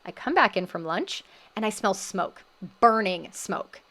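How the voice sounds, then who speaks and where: Animated female wellness host with a crisp, bright tone and a middle-range pitch who recounts a story casually. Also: unhurried. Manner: animated, acts out quoted voices.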